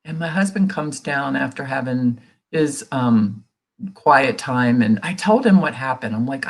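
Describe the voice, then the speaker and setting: A woman's voice: very deep voice, animated, unhurried. A middle-aged woman, a guest in an interview, telling a personal story in an earnest, conversational way and acting out what people said. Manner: earnest, reenacts quoted dialogue in her telling; many fillers and restarts, conversational. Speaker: guest sharing a recovery story.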